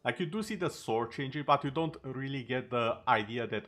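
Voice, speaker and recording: A man's voice: medium pitch, big pitch swings, brisk, few pauses, fairly bright tone. A male streamer in casual chat over gameplay, talking easily and tossing in sarcastic asides.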